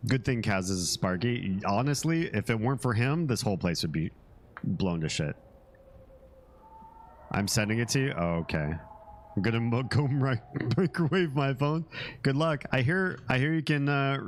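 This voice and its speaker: A man's voice: sits low, slight background noise. Rambling, joking male game streamer. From Finland and the United States. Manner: rambling, joking, swears freely. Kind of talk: casual gameplay stream chat.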